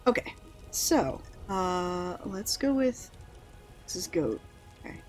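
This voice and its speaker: A woman's voice: lowish voice, very animated, slow pace, soft background music. A woman streaming a game, chatting casually, thinking aloud and swearing now and then. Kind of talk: casual let's-play chat.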